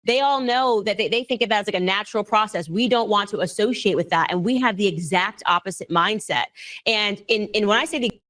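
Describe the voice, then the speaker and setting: A woman's voice: brisk, fairly bright tone. Emphatic woman in an interview clip. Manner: emphatic, mimics others in high voice. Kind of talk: opinionated interview talk.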